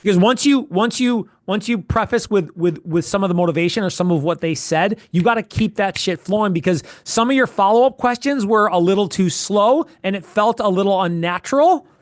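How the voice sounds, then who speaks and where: A man coaching a role-play sales call, animated and profane, repeating short phrases in quick bursts. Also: high-pitched. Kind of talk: coaching feedback in casual chat.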